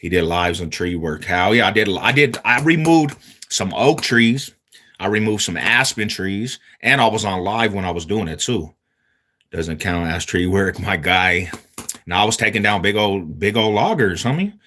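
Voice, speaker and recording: A man from Denver chats on a livestream in a low voice with a bright, forceful edge. He reads viewer comments aloud and answers them in loose, slangy street talk. His delivery stays easygoing throughout. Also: expressive, moderate pace, a little hiss or hum. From Denver, Colorado. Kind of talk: casual livestream chat.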